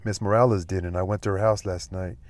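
A man's voice: sits low, steady tone, fast, close to an everyday voice. Man voicing Danny, a listless, sly paisano. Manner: listless, offhand, pointed.

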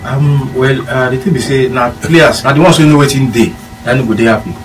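A man's voice: medium pitch, brisk, recorded from a distance. A man speaking Nigerian Pidgin-accented English rattles through his anecdotes at speed, acting out both sides of each exchange. He sits some way from the mic, with a faint hum of room noise behind him. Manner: rambling anecdotes with quoted dialogue. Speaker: former footballer guest. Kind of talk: casual storytelling chat.

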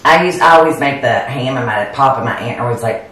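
A woman's voice: very deep voice, quick pace, far from the mic. A woman tells family stories with plenty of energy, acting out each quote as she goes. Her voice sounds set back from the mic in a very echoey room, and a faint hum of ambience sits underneath. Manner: animated storyteller, acts out family quotes. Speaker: co-host. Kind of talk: casual chat over bourbon tasting.

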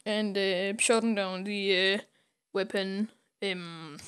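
A woman's voice: medium pitch, steady tone, slow, fairly bright tone, smooth. A woman co-hosting a podcast, casually retelling a comic story with lots of fillers and little acted-out voices. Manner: retells scenes, putting on voices with many fillers. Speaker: podcast co-host.

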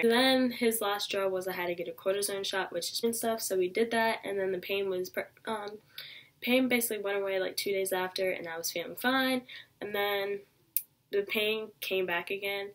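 A young woman telling a casual storytime vlog, chatty and animated, acting out what people said. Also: medium pitch. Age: young adult. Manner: chatty, animated, acts out quoted lines. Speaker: vlogger.

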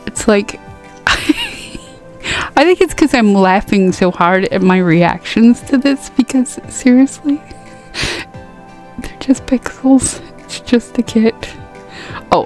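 A woman giving a casual game review, gasping and squealing excitedly over cute items. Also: mid-range voice. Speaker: gaming YouTuber.

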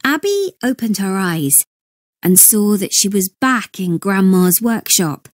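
A woman reading a children's story aloud slowly and expressively. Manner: slow, expressive storytelling with lively pitch. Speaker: storybook reader.

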